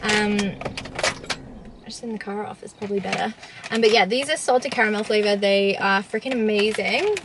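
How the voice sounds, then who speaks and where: A woman's voice: mid-range voice, normal speed, a bit bright. Bubbly young woman vlogging from a car. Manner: bubbly, gushing, filler-heavy. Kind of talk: casual vlog chat. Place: inside a car. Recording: noisy car recording.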